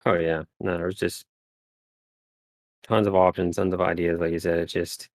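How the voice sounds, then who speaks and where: Man, low voice, rambling casual stream chat, dry close mic. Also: little pitch movement, moderate pace, dry recording. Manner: rambling, lots of filler and restarts. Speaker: guest miniature painter.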